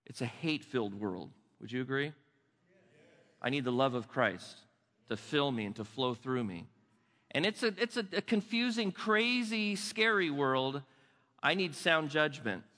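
Older man, pastor, sermon; bright, forceful delivery with chatty restarts; big reverberant church hall. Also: medium pitch, lively intonation. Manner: conversational, restarts words, dips soft and slow for emphasis. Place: church sanctuary.

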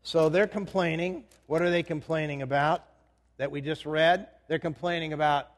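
A man's voice: on the high side, fairly even intonation, normal speed. A male pastor preaching a sermon in a conversational way, often putting questions to the congregation. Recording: reverberant hall.

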